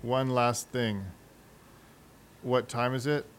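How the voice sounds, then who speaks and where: Guy voicing a cold fussy gentleman around forty, clipped and slow, quiet hum behind. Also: mid-range voice, little pitch movement, lightly acted. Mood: stiff, exacting. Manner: clipped and exacting. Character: precise, cold English gentleman, about forty.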